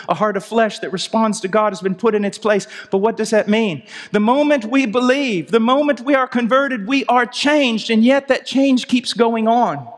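A middle-aged man from the United States preaching a sermon, impassioned, moving from loud pleading to low intensity. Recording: long reverb of a large hall.

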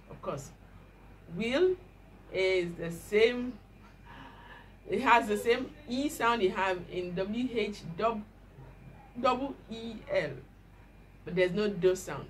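A woman teaching pronunciation, spelling out words letter by letter and repeating them slowly with exaggerated care. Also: mid-range voice, slight background noise, rough recording. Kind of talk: slow, drawn-out pronunciation lesson.

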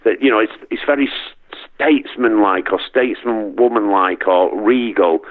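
Middle-aged manchester guy on a phone line, lowish voice, stumbles and repeats himself a lot. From Northern England. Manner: halting, many restarts and repeats. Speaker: guest, performer. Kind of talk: casual interview chat.

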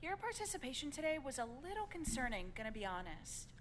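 A woman's voice: sits high, very animated, quick pace, slight background noise. Woman doing a bossy student teacher. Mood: scolding. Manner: scolding, condescending, sing-song. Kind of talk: voicing a game character aloud.

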